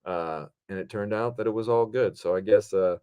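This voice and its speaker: A man with a very low, deep voice tells stories from a film set in an easygoing, rambling manner. He often jumps higher and louder to act out what people said, then drops back to his relaxed, talky pace. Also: normal speed, clean tone. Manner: rambling and animated, acts out quotes in higher voices. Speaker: podcast host and film director. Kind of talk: casual storytelling monologue.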